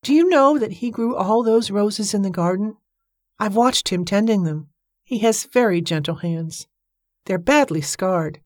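A woman reading the part of a gentle, wealthy older woman who speaks softly and fondly. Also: medium pitch, lively intonation, measured pace, no room sound, clean studio sound, pitched above the performer's own voice. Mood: wistful. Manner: soft, fond, motherly.

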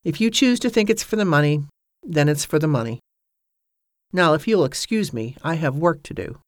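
A man's voice: a little high, expressive, moderate pace, dry recording, studio quality, natural voice. A reader voicing Joshua, a reticent boatman who talks plainly and mumbles. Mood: wry. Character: gruff, reticent boatman, older man.

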